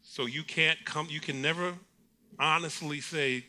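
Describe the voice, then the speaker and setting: A man's voice: a little high, normal speed. A middle-aged man preaching a sermon, telling stories with acted-out quotes and frequent laughter. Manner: animated storytelling preacher, acts out quotes, laughs often. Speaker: pastor.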